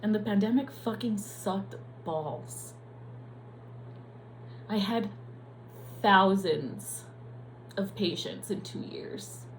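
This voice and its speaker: Young woman nurse, raw confessional vlog delivery with frequent swearing, mid-pitched voice, faint hum underneath. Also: low-quality recording. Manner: candid and profane, emotional.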